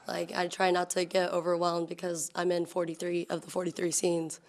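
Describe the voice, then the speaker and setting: A woman's voice: fairly low pitch, completely flat delivery, fairly quick. A woman, the lead actress, answering panel questions in a wry, self-mocking way. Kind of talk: casual panel interview.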